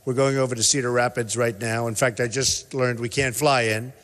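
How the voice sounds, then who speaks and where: A man's voice: mid-range voice, fairly even intonation, brisk, fairly bright tone. An older man giving an emphatic, rambling, repetitive campaign rally speech in a hotel convention hall. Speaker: political candidate speaking at a rally. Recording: echoey convention hall with long reverb.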